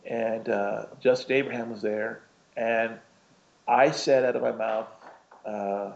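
A man's voice: medium pitch, fairly even intonation, slow, creaky, darkish tone, dull audio. A man preaching a conversational sermon, rambling through a personal story with lots of "you know" and "right?".

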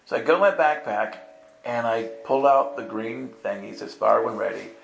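Preacher, male, gravelly, lively storyteller who acts out dialogue; roomy church sound with steady music underneath. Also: medium pitch, normal speed, slight background noise. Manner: animated, acts out voices and laughs through the story. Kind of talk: storytelling sermon. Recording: echoey room with music underneath. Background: soft instrumental music.

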